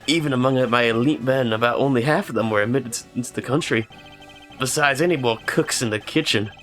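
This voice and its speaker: A man's voice: mid-range voice, a little fast, a bit bright, soft background music, natural voice. A man reading the lines of a cocky, dismissive young male agent in a breezy, taunting way. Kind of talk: game dialogue read aloud.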